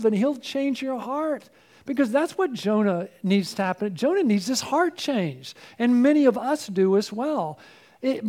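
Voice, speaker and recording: High-voiced preacher losing his voice. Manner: earnest, rhetorical questions, swings from loud to hushed. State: losing his voice, throat clearing. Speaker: pastor. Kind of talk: sermon.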